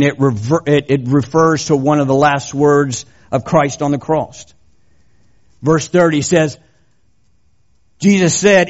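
A male pastor delivering a sermon in a high voice at an unhurried pace. He speaks emphatically and builds to fervent proclamation. The recording sounds dull and lo-fi.

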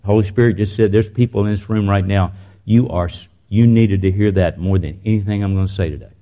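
An older man preaching a sermon in a church, telling stories and dropping into soft, intense passages. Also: on the low side, a little fast. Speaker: pastor.

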